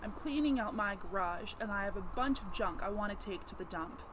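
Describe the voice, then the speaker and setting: A woman voicing a pushy, demanding neighbor in an acted role-play, scolding loudly and ordering him around. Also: mid-range voice, lively intonation, brisk, background noise, lightly acted. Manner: loud, scolding, domineering.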